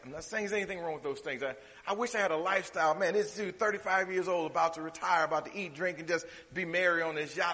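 A man preaching a sermon, swinging from loud, drawn-out declarations to hushed, quick asides. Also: a little high. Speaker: pastor. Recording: reverberant hall.

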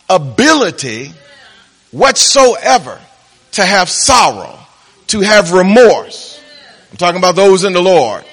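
A high-voiced pastor preaches to his congregation, stretching key words out slowly, then speeding up and laughing at his own punchlines. He swings from soft to loud, and a big hall gives his voice a long, trailing reverb.

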